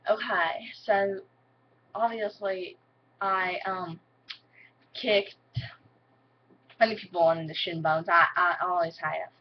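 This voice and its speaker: A young woman vlogs from home, rambling and giggling in a casual chat to the camera and leaning heavily on "like". She speaks slowly and pauses often, her voice low-ish and fairly even, while the recording has its highs cut off and a little hiss or hum.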